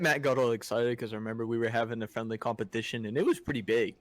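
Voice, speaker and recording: A man's voice: mid-range voice, quick pace, no echo. A man co-hosting a podcast, telling a story in casual chat, laughing and acting out his friends' lines. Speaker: podcast co-host.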